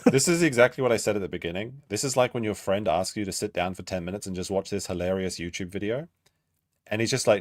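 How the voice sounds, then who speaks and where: A man's voice: fairly low pitch, fast talker, no room sound, studio quality. A man hosting a stream and reacting to a clip, blunt and swearing freely in long asides. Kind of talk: casual reaction commentary.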